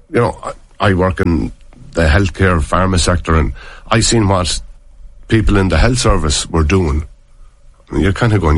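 A man's voice: low-pitched, no echo. An Irish man and former player, chatting casually and telling long, rambling stories full of restarts. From Ireland. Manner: rambling storyteller, many restarts. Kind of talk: casual chat.

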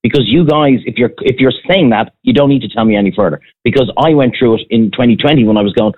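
Blunt fast-talking Irish man, phone-like sound. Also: medium pitch, breathy edge. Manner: blunt, ranting, animated. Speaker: podcast co-host, former restaurant owner. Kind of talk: casual opinionated chat. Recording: dry, phone-like band.

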